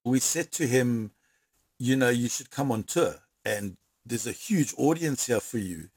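Animated male storyteller, dry mic. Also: mid-range voice, husky, dry recording. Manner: animated storyteller with quick bursts and repeated words. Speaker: interviewee. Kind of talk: storytelling interview.

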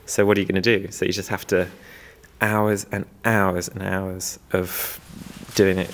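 A man's voice: low-pitched, little pitch movement, measured pace, fairly bright tone, slight background noise. A man who weaves and restores old looms, talking in a documentary interview in a rambling, self-deprecating way with small chuckles.

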